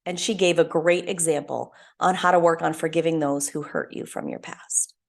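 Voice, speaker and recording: Earnest woman with a gravelly low voice. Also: steady tone, normal speed. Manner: earnest, heartfelt storytelling. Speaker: podcast host. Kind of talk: reflective solo talk.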